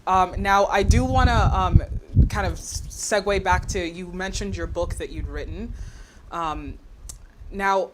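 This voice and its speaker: A woman's voice: on the low side, a little slow, poor audio. A woman hosting an interview, encouraging, with frequent fillers as she asks questions. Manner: encouraging, lots of "um" and "mm-hmm". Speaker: host. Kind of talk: casual interview. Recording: clear background noise.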